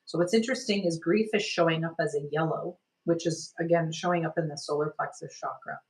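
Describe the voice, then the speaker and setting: This low-pitched woman, an energy healer, talks a little fast as she leads a healing session, her gentle, soothing words wandering with plenty of "like" and "sort of." The recording quality is low.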